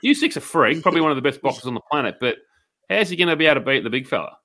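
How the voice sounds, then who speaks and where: A man co-hosting a podcast, emphatic and lively in his banter, swearing casually. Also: on the high side, racing. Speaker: podcast co-host. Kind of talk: casual banter about boxing.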